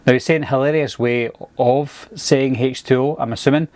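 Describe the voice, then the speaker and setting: A Scottish man talks to his viewers in an easy, chatty way, with a relaxed manner. His voice sits at an ordinary middle pitch. The recording is dry and close, with no room sound. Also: moderate pace, few pauses, no echo. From Scotland. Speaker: YouTube movie reviewer. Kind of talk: casual monologue to camera.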